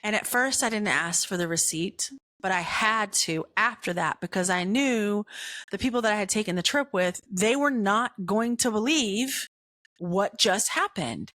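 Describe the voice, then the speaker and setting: Slow-talking woman telling a story. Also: no room sound, clean studio sound. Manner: animated, jumps high in pitch for quoted excitement. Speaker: podcast host. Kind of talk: casual storytelling.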